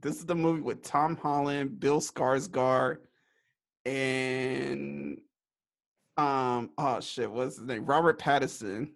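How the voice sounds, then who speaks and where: A man's voice: mid-range voice, steady tone, takes it slowly, creaky. A man on a casual podcast about horror movies, laid-back and swearing casually. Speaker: podcast guest.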